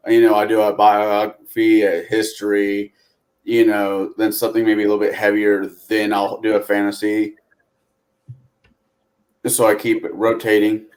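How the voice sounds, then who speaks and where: A man's voice: fairly low pitch, darkish tone. A man chatting casually on a tabletop gaming podcast, talking in a rambling, reflective way. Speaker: podcast co-host.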